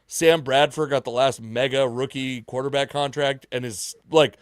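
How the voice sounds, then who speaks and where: A man hosting a podcast, talking in an excitable, casual way. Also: medium pitch, normal speed, smooth, no echo, clean studio sound. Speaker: podcast host. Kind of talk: casual chat.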